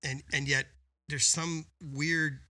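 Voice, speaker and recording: A man co-hosting a business podcast explains things emphatically in a coaching style, often tagging points with "right?" in casual talk. His voice is a little high and sharp, with a flat delivery and a slow pace.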